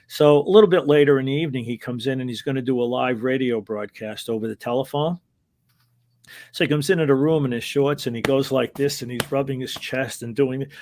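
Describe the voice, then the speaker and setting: A former wrestling referee, a man, rambling through old stories as an interview guest. He hesitates, restarts his sentences and chuckles along the way. His voice is of middling pitch. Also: fairly even intonation, moderate pace, darkish tone. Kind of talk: casual anecdotal storytelling.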